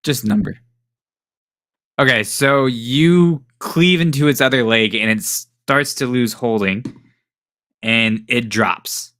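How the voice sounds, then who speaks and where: Man as game master for a tabletop game, slow and bright, dry close sound, casual with lots of ums. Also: mid-range voice, dry recording. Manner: casual, hesitant, with many fillers and chuckles.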